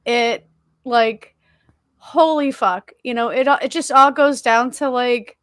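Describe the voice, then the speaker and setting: A high-pitched woman talking in casual podcast chat, emotional and blunt, swearing freely and circling back with fillers. Her voice sounds close and dry on the mic. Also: takes it slowly, a bit bright, clean tone, no echo. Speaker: podcast co-host.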